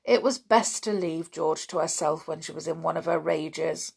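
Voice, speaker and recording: A woman narrating a children's storybook in a measured, expressive way. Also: low-pitched, vocal fry, breathy edge. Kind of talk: storybook reading.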